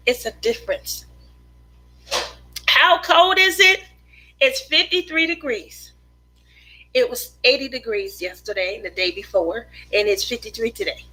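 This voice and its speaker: A woman's voice: mid-range voice, a little slow, bright, forceful tone, breathy edge, poor audio. A woman hosting a casual craft livestream from her home, chatting and reading viewer comments aloud and laughing often. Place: home in the desert.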